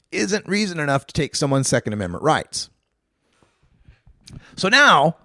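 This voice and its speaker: A male talk show host delivers argumentative commentary with a sardonic edge. His slightly high voice has a gravelly rasp and swings widely in pitch. The sound is dry and close. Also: a bit bright, dry recording. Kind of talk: solo radio commentary.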